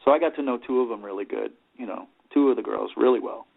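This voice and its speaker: A man's voice: mid-range voice, fast talker, vocal fry. Rambling middle-aged man on a tinny line. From New York. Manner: rambling, leans on "you know", acts out quoted voices. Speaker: interview guest, rock singer. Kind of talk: casual storytelling interview. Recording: tinny phone-like sound.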